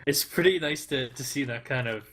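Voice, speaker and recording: A man's voice: mid-range voice, moderate pace, fairly bright tone. A man commentating a live esports match, chatting casually with many fillers between calls.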